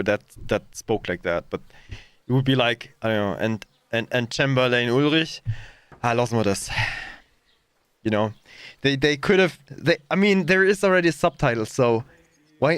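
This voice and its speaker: A man's voice: medium pitch, fairly bright tone, no echo. A German man with a German accent streaming a game live, rambling and hesitant as he mocks the dialogue. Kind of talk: live gameplay commentary.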